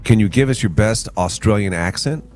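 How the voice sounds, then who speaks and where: A man's voice: lowish voice, lively intonation, moderate pace, darkish tone, faint music behind. A man hosting a morning radio show, joking with his co-host and running a call-in quiz. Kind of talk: casual radio banter.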